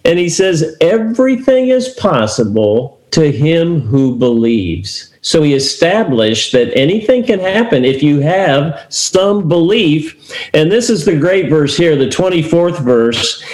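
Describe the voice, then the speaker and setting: A man's voice: a little high, lively intonation, measured pace, a little mellow. Man teaching scripture in a roomy space. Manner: storytelling, reads scripture aloud and paraphrases it. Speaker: co-host of a faith talk show. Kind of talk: conversational Bible teaching. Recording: roomy echo.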